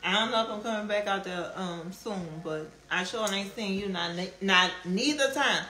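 A woman's voice: medium pitch, normal speed, soft background music. A woman chatting casually with viewers on a live stream, answering comments and laughing often. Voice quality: strong Southern drawl, relaxed slang. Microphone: phone. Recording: echoey room, faint background hum.

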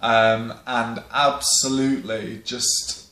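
This young English vlogger talks casually to camera in a mid-range voice with a level, sharp tone, taking it slowly. His delivery rambles, packed with ums and plenty of swearing, and the recording has a roomy echo.

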